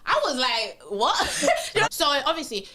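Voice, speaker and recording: Fast-talking British woman telling a story. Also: high-pitched, heavy background noise. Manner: animated, acts out quotes. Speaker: guest. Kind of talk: casual storytelling.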